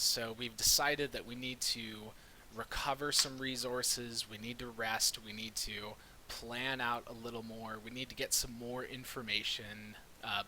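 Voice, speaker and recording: A man's voice: mid-range voice, sharp tone, slight background noise, low-quality recording. A man playing a tabletop game, chatting playfully and laughing often. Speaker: player.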